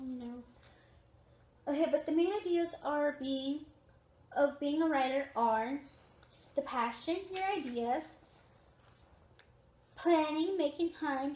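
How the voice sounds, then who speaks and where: A woman's voice: high voice, a little mellow, roomy sound. A young woman talking casually to her camera from a recliner at home, tired and yawning, repeating her points with emphasis. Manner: chatty, repetitive, emphatic. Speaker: vlogger.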